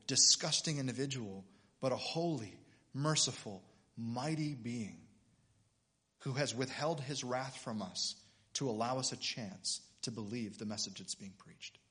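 A middle-aged man, a pastor preaching a sermon with passion, building to loud emphatic peaks and reading scripture aloud. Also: medium pitch, a little slow. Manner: reads scripture aloud with dramatic voices.

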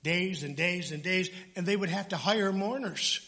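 A male pastor preaches in a church with a slightly high voice. His delivery is loose and chatty, full of restarts and self-corrections as he moves through the passage. He speaks easily to his congregation and slips in small jokes. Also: moderate pace, bright, forceful tone, long reverb tail. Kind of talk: sermon.

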